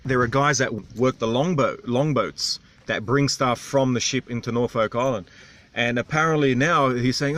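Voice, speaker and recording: A man's voice: medium pitch, normal speed, fairly bright tone. Casual Australian man vlogging. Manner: rambling, candid, self-deprecating. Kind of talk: casual vlog storytelling.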